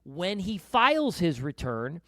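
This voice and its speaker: A man's voice: high voice, sing-song, measured pace, fairly bright tone, dry recording, clean studio sound. A middle-aged man hosting a financial podcast, talking casually and summarizing points with personal stories. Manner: conversational, anecdotal, interjecting to summarize. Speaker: podcast host. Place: podcast studio.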